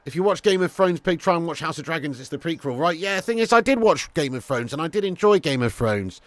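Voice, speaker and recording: A man hosting a live football watch-along, chatting casually to viewers, swearing freely, and getting loud when calling goals. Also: a little high, lively intonation, fast, dry recording. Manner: casual, laddish, swears freely, calls viewers mate and lad. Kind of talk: live streamed football commentary and chat.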